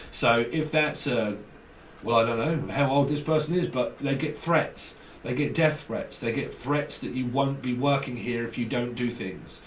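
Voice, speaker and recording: A man's voice: medium pitch, far from the mic. A man giving a casual, rambling tarot reading full of jokes, swearing and acted-out scenes. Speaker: tarot reader. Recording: roomy, off-mic, light noise.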